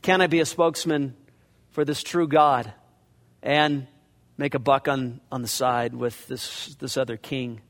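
Speaking at a medium pitch with a steady, fairly bright tone and an unhurried pace, a male pastor moves verse by verse through an expository sermon in a conversational style, voicing scripture characters along the way. The recording carries a big hall's long reverb.

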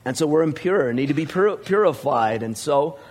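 A middle-aged male pastor preaches in a loose, chatty way, full of "uh"s and restarts. His voice sits a bit higher than most men's, and he gets lively when he acts out conversations. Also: moderate pace. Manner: conversational, many fillers, animated when retelling dialogue. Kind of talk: sermon with storytelling.

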